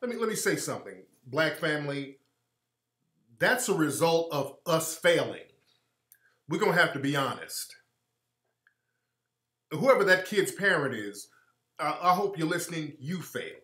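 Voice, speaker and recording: A man's voice: a little high, very animated, moderate pace, long pauses, a bit bright, echoey room. A man hosting a live stream, giving heated, preachy commentary and repeating his points for emphasis.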